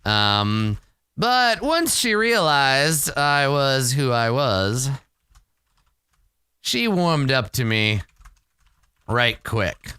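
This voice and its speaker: A man narrating his solo tabletop game in a relaxed, rambling and self-amused way. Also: medium pitch, smooth, no room sound, studio quality.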